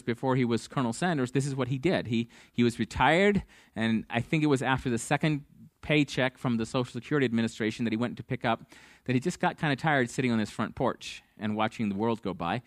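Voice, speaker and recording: A man's voice: medium pitch, no room sound, studio quality. A man preaching a sermon, telling stories and acting out the people in them. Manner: storytelling, acts out dialogue. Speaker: pastor.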